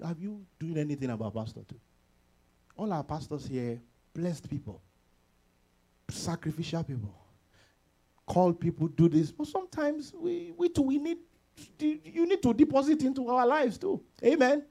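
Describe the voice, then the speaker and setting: A man preaching a sermon as pastor, animated, laughing often and acting out quoted voices. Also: high-pitched, moderate pace, long pauses.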